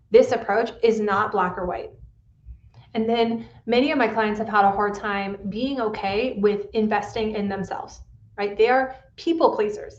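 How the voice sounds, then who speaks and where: A woman's voice: fairly high pitch, roomy sound, lo-fi sound. A woman pain specialist hosting a solo podcast, talking in an earnest coaching manner and often checking in with "right?".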